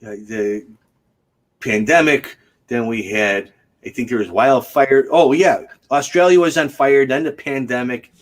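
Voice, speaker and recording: A man's voice: mid-range voice, unhurried. A man hosting a casual livestream chat, joking and chatty and laughing often. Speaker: host.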